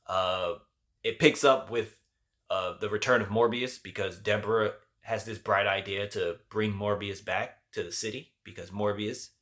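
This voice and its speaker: A man's voice: fairly low pitch, fairly bright tone. A man giving a casual spoken review of a TV show, loose and chatty with lots of slang and fillers.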